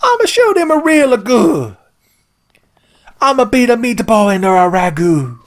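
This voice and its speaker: A ranting mock-Italian designer. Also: male voice, very high voice, sing-song, measured pace, voice pushed up, heavily acted. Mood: indignant. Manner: ranting, boastful.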